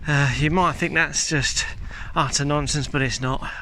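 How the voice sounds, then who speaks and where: A man's voice: fairly high pitch, steady tone, normal speed, bright, forceful tone, a little hiss or hum. A man chatting casually and candidly while out on a countryside walk, filming himself on a handheld camera. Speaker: vlogger. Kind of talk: casual walking chat. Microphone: handheld camera while walking. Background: faint outdoor ambience.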